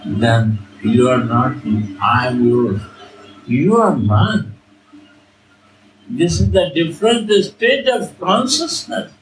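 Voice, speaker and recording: A man teaching a devotional class, explaining verses in earnest, halting and repetitive English. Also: mid-range voice, sing-song, reverberant, slight background noise, rough recording. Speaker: spiritual teacher.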